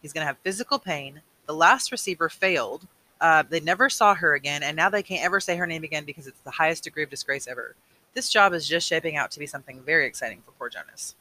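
A man's voice: fairly high pitch, fast talker, sharp tone, low-quality recording. A man reading a novel aloud chapter by chapter, adding casual asides.

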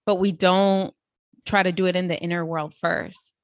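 Lower-pitched woman host, dry close mic; reflective and thoughtful in conversation. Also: fairly even intonation, moderate pace, no room sound. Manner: reflective, spiritual vocabulary. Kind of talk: casual podcast conversation.

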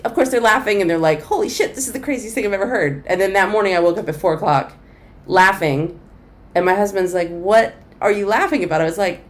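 At a medium pitch and a fast clip, a middle-aged woman comedian works through a long story in a conversational interview. She stays animated and imitates the people she quotes.

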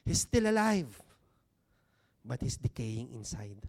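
A man's mid-range, slightly mellow voice swings widely in pitch as he preaches in a church hall to a seated congregation. His delivery is conversational and full of rhetorical questions, with key words slowed and stretched for emphasis.

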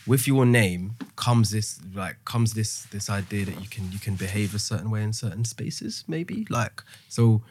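A man's voice: fairly low pitch, expressive, moderate pace, hardly any pauses, a little mellow, a little hiss or hum. A man in a casual podcast discussion, reflecting tentatively and filling with "like" and "you know". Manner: reflective, tentative, many likes and you knows.

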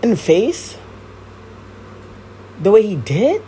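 A woman's voice: mid-range voice, slow, slight background noise. A woman hosting her own podcast, ranting casually with blunt, profane slang and lots of repetition. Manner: blunt, heavy swearing and slang; animated, repeats herself. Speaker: podcast host. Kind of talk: casual commentary rant.

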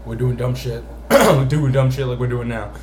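A man's voice: mid-range voice, normal speed, darkish tone. Laid-back man in an echoey, noisy room. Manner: laid-back, laughing easily, swearing. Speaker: podcast co-host. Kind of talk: casual podcast banter. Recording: echoey room with background noise.

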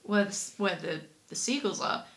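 A woman co-hosting a podcast, telling a story in rambling, animated casual chat. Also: mid-range voice, normal speed. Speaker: podcast co-host.

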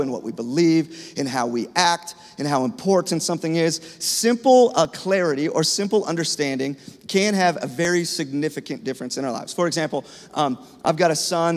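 A man in his thirties preaching a sermon to his congregation in a conversational, storytelling way. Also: a little high. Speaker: pastor. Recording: long reverb of a large hall.

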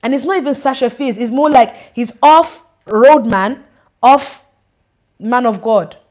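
Animated high-voiced woman preaching. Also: a little slow. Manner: animated, teasing and scolding. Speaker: church leader. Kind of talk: informal church address.

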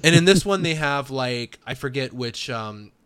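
A man co-hosting a podcast in casual chat, animated and laughing, with a heavy use of "like". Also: mid-range voice, normal speed, clean tone. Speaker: podcast co-host.

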